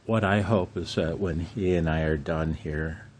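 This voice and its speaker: An older man talks slowly in a very deep, low voice. He is candid and emotional, halting often and laughing ruefully as he speaks to his viewers. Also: fairly even intonation, darkish tone. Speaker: amateur radio vlogger. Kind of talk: candid personal vlog.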